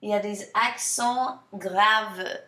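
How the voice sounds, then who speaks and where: A woman teaching a French lesson. She switches between French and English, repeats words slowly, and asks the class questions before answering them herself. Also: medium pitch, fairly even intonation, sharp tone. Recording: echoey room.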